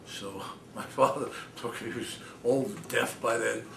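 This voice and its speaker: A man's voice: medium pitch, unhurried, creaky. Older man telling stories in a roomy cafe. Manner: animated, laughing storyteller, mimics his father's voice. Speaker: author giving a talk. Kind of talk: anecdotal storytelling talk. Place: small cafe, audience present. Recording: roomy, distant mic, noisy.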